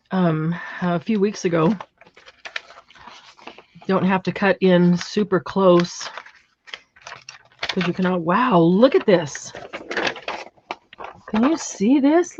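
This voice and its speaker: A woman's voice: lowish voice, takes it slowly, long pauses, darkish tone, highs cut off, a little hiss or hum. A woman hosting a craft livestream from a home craft room, chatting casually and admiring her materials as she works. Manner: chatty, admiring, thinks aloud while working.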